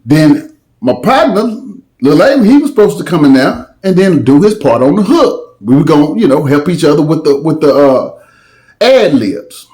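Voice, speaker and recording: A man's voice: on the high side, sing-song, moderate pace, darkish tone. A man telling a story in a casual, slangy way, with dramatic asides.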